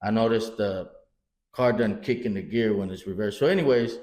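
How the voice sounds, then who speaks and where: A man's voice: lowish voice, moderate pace. A middle-aged man co-hosting a podcast, telling family stories in casual chat, swearing often and acting out what people said. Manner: animated storyteller, swears often, acts out quotes. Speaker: podcast co-host. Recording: roomy echo.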